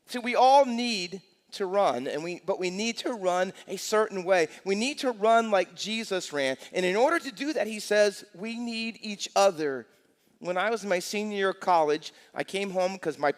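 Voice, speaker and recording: A man in his sixties, a pastor preaching a lively sermon in a church, telling stories and asking the congregation rhetorical questions. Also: sits high. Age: 60s. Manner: energetic storytelling with rhetorical questions. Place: church sanctuary. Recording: long church hall reverb.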